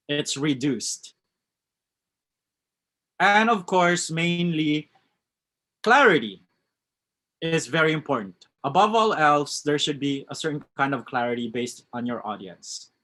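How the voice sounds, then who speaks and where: Man, West Coast American accent, slightly high voice, live online English lesson, answers chat questions. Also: a bit bright. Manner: reads out chat answers and comments on them. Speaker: English teacher.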